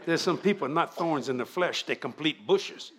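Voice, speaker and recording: Fervent older preacher. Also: male voice, a little high, expressive, moderate pace, a crowd in the background, noisy background. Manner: fervent, shouting prayer then folksy storytelling. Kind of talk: revival preaching. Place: church sanctuary.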